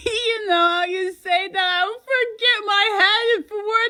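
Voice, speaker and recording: A woman's voice: very high voice, steady tone, measured pace, bright, forceful tone, no echo. A woman doing comic point-of-view sketches with a playful, teasing delivery.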